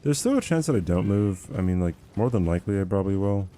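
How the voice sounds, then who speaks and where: A man's voice: deep voice, lively intonation, fast talker, warm tone, a little hiss or hum. A young man livestreaming a game, chatting in a rambling, self-deprecating way and laughing often. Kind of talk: casual chat while gaming.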